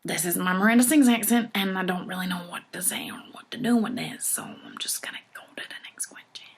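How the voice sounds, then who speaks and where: A woman putting on a quirky female character in a hushed, whispery voice, talking awkwardly and haltingly. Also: lowish voice, creaky.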